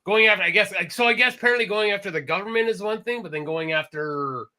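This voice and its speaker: Bright, high-voiced man rambling casually. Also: fast. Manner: rambling, self-correcting, animated. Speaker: podcast co-host. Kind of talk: casual chat.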